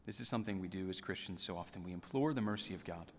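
A man with a lowish voice delivers a sermon, slow and earnest, lingering over scripture lines and sometimes dropping them to a hush. His words ring out with a long reverb trailing behind them. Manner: measured, earnest preaching with softly repeated scripture lines. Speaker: priest.

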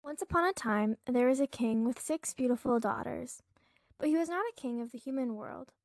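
A woman, a podcast host, reading a fairytale aloud in a soft, hushed way, lifting her voice as each new scene begins. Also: fairly high pitch, moderate pace, no echo. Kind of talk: gentle storybook reading.

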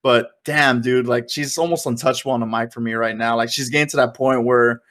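A man's voice: mid-range voice, brisk. A man talking loosely on a podcast, rambling from one thought to the next and getting fired up as he goes. His voice sits in an everyday middle register, and he drops a casual curse now and then. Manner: rambling, excitable, swears casually. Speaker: podcast co-host. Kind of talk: casual wrestling podcast chat.

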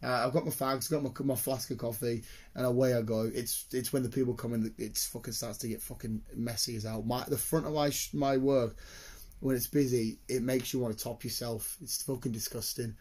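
A man's voice: mid-range voice, fairly even intonation, brisk, a little mellow, husky. A young man in casual chat, telling blunt, sweary stories about his workmates.

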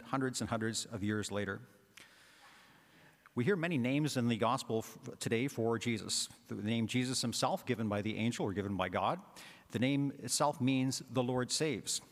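A man's voice: mid-range voice, moderate pace. A man, a parish priest, giving a conversational homily with frequent filler words. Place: church. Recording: long church reverb.

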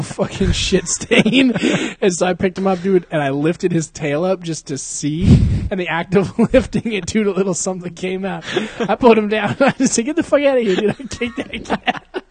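A young man with a slightly higher voice rambles through crude, profanity-heavy anecdotes in casual chat. He breaks into laughter often. His voice sounds close and dry, with no room sound. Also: a little fast, few pauses, dry recording.

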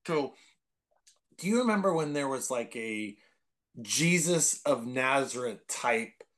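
A man from the Bay Area, a comedian guest, telling rambling stories full of fillers and bursting into loud, excited impressions. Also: mid-range voice, slow. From San Francisco Bay Area. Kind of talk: casual podcast storytelling.

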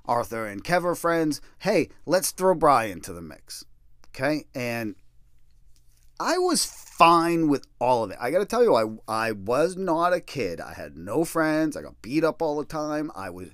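Middle-aged man, casual storyteller, swears freely, pitch swings widely, dry close sound. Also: a little slow, no echo. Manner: profane, self-deprecating, animated storytelling.

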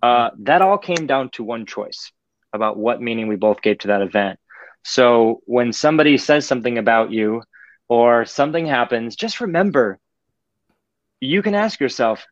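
Lively storytelling man, dry lo-fi sound. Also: medium pitch, normal speed, no echo. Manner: animated storyteller, acts out voices. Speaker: podcast guest. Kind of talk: casual podcast chat.

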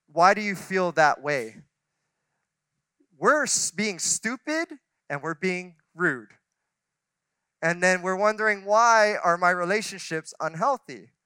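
Male pastor, forties, candid storyteller with restarts; bright, crisp tone. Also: high voice, dry recording. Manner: conversational, self-deprecating storytelling with many restarts. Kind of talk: sermon. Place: church sanctuary.

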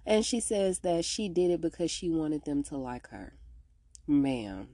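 A woman hosting a podcast, casually recapping a TV episode in a slangy, animated way and acting out the characters' lines. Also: measured pace, dry recording, clean studio sound. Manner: animated, slangy, acts out characters' lines with big pitch jumps.

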